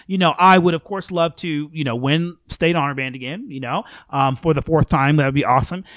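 Chatty man with a higher voice. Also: dry recording, studio quality. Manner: chatty and animated, many fillers. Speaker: middle school band director. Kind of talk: casual interview chat.

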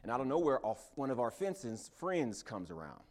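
A preacher telling a personal story in a sermon, with lots of fillers and false starts. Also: male voice, mid-range voice, brisk. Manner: animated, hesitant storytelling with many fillers.

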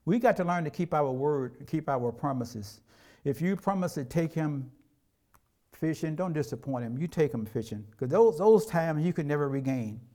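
A man's voice: fairly high pitch, moderate pace. Conversational preacher, middle-aged man. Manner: conversational preaching with lively acted-out quotes. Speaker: pastor. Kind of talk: sermon.

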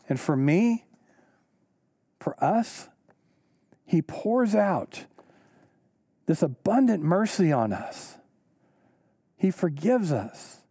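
A pastor preaching a sermon, earnest and emphatic, repeating key lines slowly for weight. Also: male voice, warm tone, husky, dry recording. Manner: rises in pitch when stressing a point.

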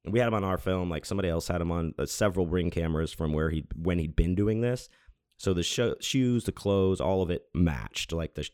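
A man's voice: sits low, darkish tone, dry recording, clean studio sound. A man hosting his own show, telling a long personal story in a rambling, casual way, full of restarts and fillers and with some swearing. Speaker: podcast host.

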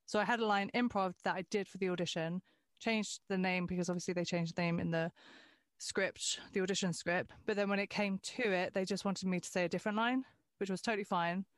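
A woman at mid pitch talking casually, loose and conversational. The sound is close and dry. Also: fairly even intonation, a little fast, no room sound. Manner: conversational, loose, frequent restarts and "like". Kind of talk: casual chat.

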